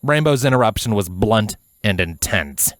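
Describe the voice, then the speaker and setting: A man with a very low voice narrates a fan fiction audiobook. His delivery is measured and even, like a steady storyteller. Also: dry recording.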